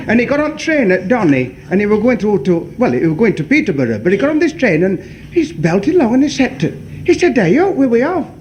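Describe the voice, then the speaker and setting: A man, telling a stand-up joke in a broad, animated way. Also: sits high, fast talker, slight background noise. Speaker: stand-up comedian.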